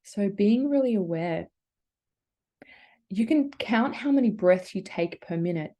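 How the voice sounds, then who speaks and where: An Australian woman leading a breathing workshop as a yoga teacher, guiding gently and encouragingly in a casual, chatty way. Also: medium pitch, lively intonation, unhurried. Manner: gentle, encouraging, casual filler-heavy guidance.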